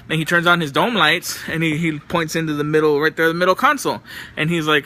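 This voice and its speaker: A man's voice: fairly high pitch, moderate pace, bright, forceful tone. A young man vlogging casual, profane stories about his day, loose and exasperated. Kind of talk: casual storytelling.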